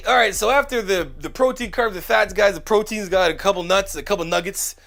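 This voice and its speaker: High-voiced casual male fitness coach. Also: fairly quick, vocal fry, fairly bright tone. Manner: casual, slangy, keeps adding "right?". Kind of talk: casual explainer video.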